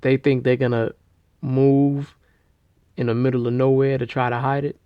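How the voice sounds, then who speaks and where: A man's voice: medium pitch, moderate pace, smooth, no echo. Rambling man in a dull lo-fi recording. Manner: rambling, slangy, full of fillers and restarts; grows animated and loud at dramatic moments. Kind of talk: casual retelling of a film.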